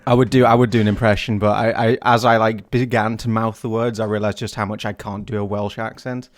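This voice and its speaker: A man's voice: fairly low pitch, flat delivery, brisk. A man co-hosting a comedy podcast, giggly and self-mocking in casual chat. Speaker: podcast co-host.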